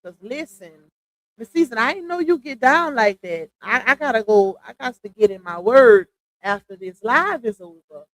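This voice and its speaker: High-voiced woman chatting on a livestream. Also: expressive, normal speed, no room sound, poor audio. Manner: chatty, laughs often, reads posts aloud. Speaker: livestream commentator. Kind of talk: casual commentary livestream.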